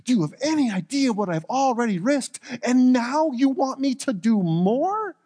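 A man's voice: very high voice, animated, no echo, heavily acted. A man voicing a fearful royal servant who pleads in a worried rush. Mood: exasperated. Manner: worried, rapid protest.

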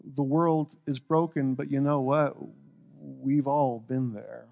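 A male pastor preaching a relaxed sermon with playful, joking asides. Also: mid-range voice, takes it slowly, creaky, highs cut off.

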